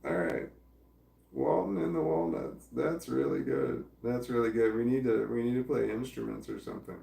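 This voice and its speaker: A man rambles through a casual livestream, reading viewer comments and swearing freely. His voice is gravelly and sits at a middling pitch. He sounds a little far from the mic, in a roomy space. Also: moderate pace, mellow. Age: adult parent.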